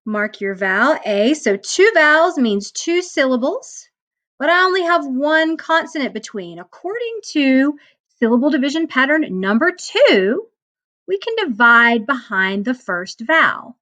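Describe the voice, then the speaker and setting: A woman's voice: high-pitched, very animated, sharp tone. Patient teacher woman walking through phonics. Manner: patient step-by-step instruction, sounding out words slowly. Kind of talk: recorded self-paced phonics lesson.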